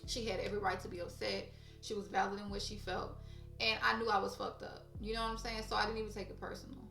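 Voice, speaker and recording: A woman's voice: mid-range voice, little pitch movement, fast talker, gravelly, bright, forceful tone, distant mic. A woman vlogger telling a story in casual chat, blunt and profane, talking straight to her viewers. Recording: roomy echo, off-mic, faint music.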